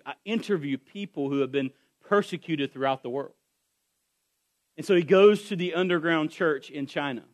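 A high-pitched male pastor delivers a sermon to his church. He retells a story, building in intensity, and often repeats and restarts his words as he goes.

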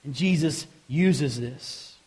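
During a church service, a pastor preaches and reads scripture slowly in a husky voice. He swings between soft, low asides and loud, emphatic passages, repeating phrases for emphasis.

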